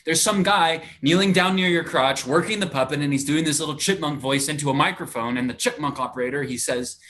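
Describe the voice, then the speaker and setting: A man's voice: a little high, fairly quick, a bit bright, close to an everyday voice. An actor playing an earnest, indignant male TV actor in a live play reading over a video call. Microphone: home computer mic on a video call.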